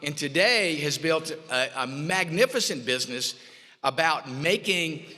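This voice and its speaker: A man with a fairly high, bright, forceful voice tells folksy stories at an awards dinner. He acts out the quoted lines as he goes. His voice rings with long reverb through a hotel ballroom. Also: animated, a little slow. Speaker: award presenter.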